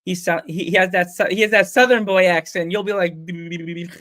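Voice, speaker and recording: A man's voice: high voice, fairly even intonation, fairly quick, a bit bright, no echo. An American man hosting a casual podcast over a remote call, chatty and rambling, laughing often. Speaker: podcast host. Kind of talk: casual chat. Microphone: remote call mic.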